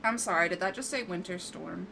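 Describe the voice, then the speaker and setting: A woman's voice: on the low side, brisk, creaky, noisy background. A woman giving casual commentary while playing and fixing game mods at home, swearing freely when things break and chatting to her cat between fixes. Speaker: gaming streamer. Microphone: desk microphone.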